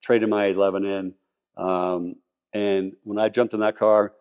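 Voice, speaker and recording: An enthusiastic man with a somewhat low voice, chatting as a podcast guest. He rambles, restarts his sentences and piles on details. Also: level tone, measured pace, a little mellow, clean tone, highs cut off. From Colorado, US. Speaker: podcast guest, car collector. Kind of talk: casual interview talk.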